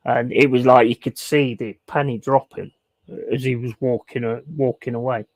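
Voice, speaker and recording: A man's voice: mid-range voice, little pitch movement, moderate pace, dry recording. A man telling crude, blunt stories in a casual chat while streaming a game. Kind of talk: casual sweary storytelling while gaming.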